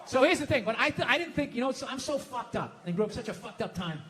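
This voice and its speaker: A middle-aged man doing a stand-up comedy routine, ranting profanely and shouting at the peaks. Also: very high-pitched, expressive, fast, crowd noise.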